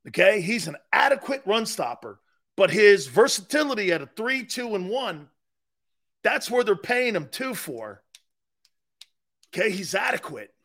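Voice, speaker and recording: A man's voice: high voice, sing-song, measured pace, a bit bright. A man hosting a live football talk show, blunt and mocking. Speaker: sports talk show host. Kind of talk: live sports radio talk.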